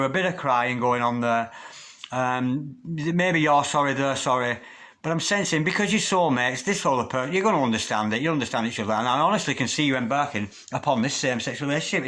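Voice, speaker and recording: A man's voice: mid-range voice, a bit bright. A man talking through a tarot card reading in a chatty way, stopping now and then to call on spirit guides. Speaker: tarot reader.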